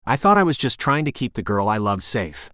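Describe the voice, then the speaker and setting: A man reading a first-person audiobook narration in a measured, earnest way. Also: mid-range voice, big pitch swings, pushed and bright, no room sound, studio quality.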